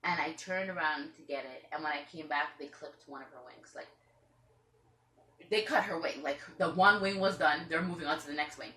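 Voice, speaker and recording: Woman, low voice, roomy home room, chatty rambling vlog storytelling. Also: normal speed, bright, forceful tone. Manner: chatty, rambling, acts out what others said. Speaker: parrot owner and vlogger. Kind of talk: casual storytelling to camera. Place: room at home with pet birds.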